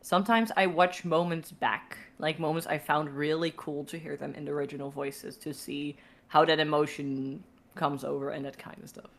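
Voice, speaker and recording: A woman's voice: low voice, steady tone, normal speed. A young Dutch woman with a Dutch accent, chatting casually as a podcast guest and laughing often. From Netherlands. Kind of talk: casual chat.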